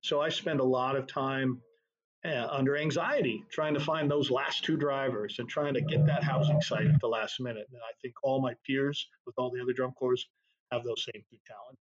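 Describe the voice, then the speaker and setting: A middle-aged man, a drum corps tour director, telling anecdotes in a relaxed, storytelling way during an interview. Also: mid-range voice, moderate pace, dull audio. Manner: relaxed anecdotal, laughs at own stories.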